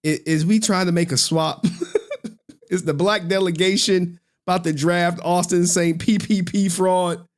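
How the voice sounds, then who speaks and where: A man's voice: high voice, fairly even intonation, a little slow. A man doing reaction commentary on a channel, mocking and laughing often as he talks. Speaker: YouTube commentator.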